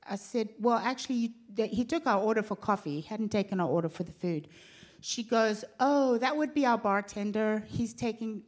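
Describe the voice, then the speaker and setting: A woman, telling a lively personal story to a church congregation and acting out the voices of the people in it. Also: medium pitch. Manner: animated, acts out quoted voices. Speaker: pastor's wife telling a story.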